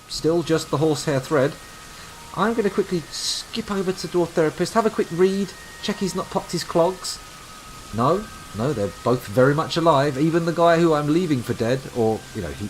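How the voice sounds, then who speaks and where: A man from the UK streaming a game live, commenting with dry, sarcastic, jokey asides. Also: medium pitch. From United Kingdom. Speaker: gaming streamer.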